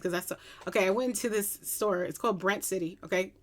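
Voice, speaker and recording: Giddy woman from long island gushing at her computer, bright voice, squeals a lot. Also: fairly low pitch, fairly even intonation, fast, hardly any pauses. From Long Island, New York. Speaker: music reaction vlogger. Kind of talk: casual chat.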